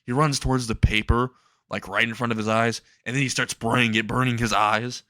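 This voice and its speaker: A man's voice: medium pitch, little pitch movement, fairly quick, pushed and bright, no echo, clean studio sound. A young man casually narrating a comedic fan story, rambling and laughing at his own jokes.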